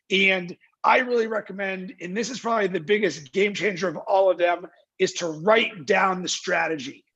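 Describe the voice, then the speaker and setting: Speaking at a moderate pace in a high, husky, slightly bright voice, a marketing agency founder is interviewed over a video call with the highs cut off. He's emphatic and energetic, throwing out rhetorical questions and acting out his clients' words.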